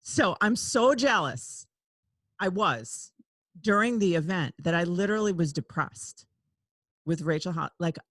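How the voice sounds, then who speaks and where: A woman hosting a podcast, talking candidly and confessing things, laughing often and swinging between loud outbursts and hushed asides. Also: fairly low pitch, no echo. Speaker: podcast host.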